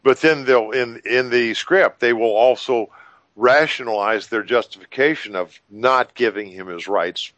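A man talking on a radio show in a measured, folksy, plainspoken way. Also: lowish voice, a bit bright, dry recording. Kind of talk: talk radio discussion.

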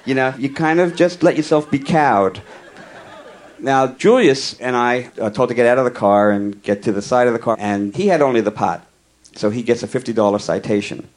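A male comedian telling a long comic story in a wry, conversational way, with deadpan asides. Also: mid-range voice, normal speed.

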